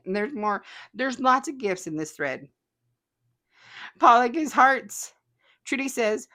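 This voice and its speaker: A chatty woman with a slightly high voice hosts a relaxed stream, reading viewer comments aloud and laughing often. Her talk is loose and friendly, full of small asides. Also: unhurried, long pauses. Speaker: host. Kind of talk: casual livestream chat reading comments.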